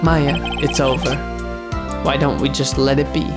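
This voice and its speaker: A woman voicing a calm young man, a lawyer, in a game playthrough, explaining in a measured way. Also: a bass voice, pitched below the performer's own voice. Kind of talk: video game voice-acting playthrough. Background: loud game music.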